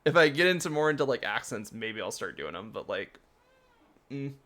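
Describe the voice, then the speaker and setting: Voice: mid-range voice, big pitch swings, moderate pace, a bit bright. Giggly, rambling game streamer. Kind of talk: casual let's-play commentary.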